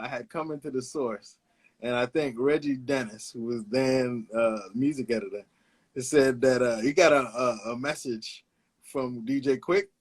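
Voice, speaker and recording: A man in his fifties from Brooklyn, a guest illustrator telling stories in a relaxed interview with frequent "uh"s. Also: medium pitch. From Brooklyn, New York. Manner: laid-back, anecdotal, hesitates with "uh", laughs along. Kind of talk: casual storytelling interview.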